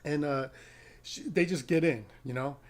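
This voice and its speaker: A middle-aged man chats to the camera about his day as a rideshare driver, his voice sitting a little high for a man. He rambles, restarts his sentences and chuckles at his own stories. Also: moderate pace. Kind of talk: casual storytelling to camera.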